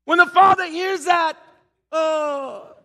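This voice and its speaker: A man preaching a sermon as pastor, animated and teasing, with shouted peaks and asides to the congregation. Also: very high voice, normal speed. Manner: humorous, teasing. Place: church sanctuary. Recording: long hall reverb in a church.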